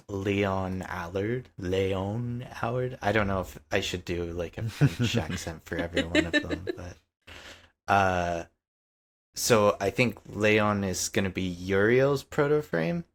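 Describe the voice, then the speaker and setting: Brief: male podcast co-host, low voice, unhurried, lots of ums. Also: sing-song. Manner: hesitant, many fillers. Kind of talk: casual chat.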